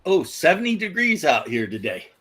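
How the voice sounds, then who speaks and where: Teasing American man with a bright, husky voice. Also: on the high side, wildly swooping pitch, moderate pace. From United States. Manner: teasing, laughs often, mock-provocative. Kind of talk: casual podcast banter.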